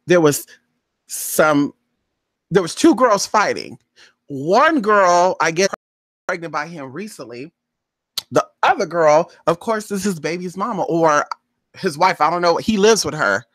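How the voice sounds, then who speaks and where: A woman chatting straight to camera in a gossipy, storytelling way, her pitch leaping up and down as she acts out everyone involved. She keeps calling the listener "girl" and "honey". The sound is dry and close, with no room echo. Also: unhurried, pauses often. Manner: animated, acts out other people's voices, addresses viewer as "girl" and "honey". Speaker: spiritual reader and vlogger.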